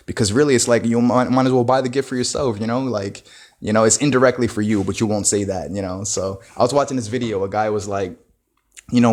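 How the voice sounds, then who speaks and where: A man's voice: mid-range voice, brisk, a little mellow. A man giving a casual, reflective monologue, full of "you know" and "bro" and frequent restarts. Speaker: motivational talker.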